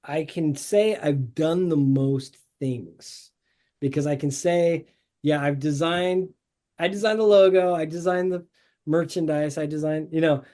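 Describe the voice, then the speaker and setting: A man with a slightly high voice talks as a guest on a podcast. He rambles through his stories in an upbeat, easygoing way, coming through a video call. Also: measured pace, dark tone. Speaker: podcast guest, show artist. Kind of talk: casual interview chat.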